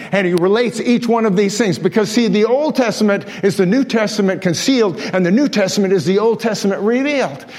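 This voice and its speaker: A man with a high voice preaches with fervor, pressing his congregation with rhetorical questions. His words ring out with a long reverb in a large church hall. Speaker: pastor. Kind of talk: sermon.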